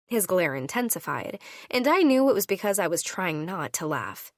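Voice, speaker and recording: A woman narrating a first-person audiobook into a studio microphone, playful and expressive in her delivery. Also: fairly low pitch, normal speed, no room sound.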